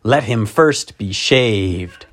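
A man voicing a cruel, proud witch queen who barks shrill, clipped commands in an audiobook reading. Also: animated, extremely slow, fairly bright tone, exaggerated voice. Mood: commanding. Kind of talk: audiobook character voice.

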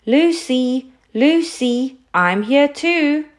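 A woman's voice: medium pitch, expressive, takes it slowly. A woman voicing an awkward, sulky young schoolboy in a raised, pleading boyish tone. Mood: calling out.

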